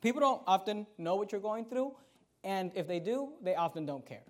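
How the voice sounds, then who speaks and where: Preaching at a normal speed, this pastor has a high-pitched male voice. His sermon feels lively and conversational, climbing to loud moments before slipping into quiet asides.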